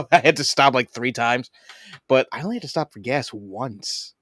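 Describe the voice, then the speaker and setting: A man hosting a podcast in casual chat, an animated storyteller who swears and laughs often. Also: mid-range voice, takes it slowly, dry recording, studio quality. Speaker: podcast host.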